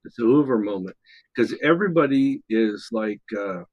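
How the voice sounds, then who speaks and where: A man's voice: on the low side, animated, moderate pace, darkish tone, dry recording, low-quality recording. A man from Washington state hosting a live psychic call-in show, chatting casually and reading out listener comments. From Washington state, USA. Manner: rambling, reads listener comments aloud. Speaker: psychic radio host.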